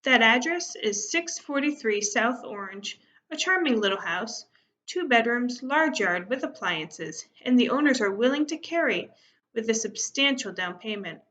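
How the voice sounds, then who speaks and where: A woman reading the part of a calm, measured real estate agent speaking on the phone in a storybook read-aloud. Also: fairly high pitch. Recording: muffled lo-fi recording.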